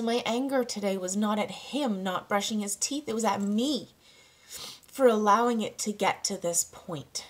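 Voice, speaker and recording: A woman in her thirties, a parenting coach, talking candidly to camera, halting and close to tears. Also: medium pitch. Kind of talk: personal vlog monologue.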